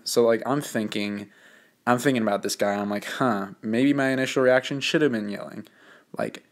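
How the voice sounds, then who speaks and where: A teenage boy telling a story in a casual, joking way, rambling with lots of fillers and poking fun at himself. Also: medium pitch. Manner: rambling, filler-heavy, self-mocking. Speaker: student narrating a drawing video.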